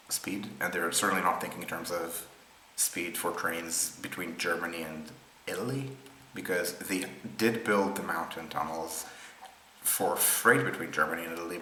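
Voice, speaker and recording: A man with a low yet bright, cutting voice talks through rail maps off the cuff. He pauses often with ums and restarts sentences as he thinks. The sound is roomy, with a faint hum of ambience behind him. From Israel. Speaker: presenter explaining rail maps. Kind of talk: unscripted screen-share explainer.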